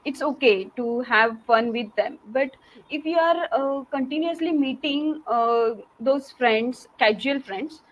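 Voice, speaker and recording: A woman learning English, speaking haltingly with many fillers and restarts in a casual conversation. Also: high-pitched, muffled recording.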